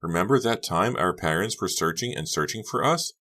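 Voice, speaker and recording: A man's voice: sits low, expressive, fairly quick, pushed and bright, voice pushed up, heavily acted. A man voicing a clingy, unsettling teenage girl in a storybook reading, sugary and insistent. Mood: pleading.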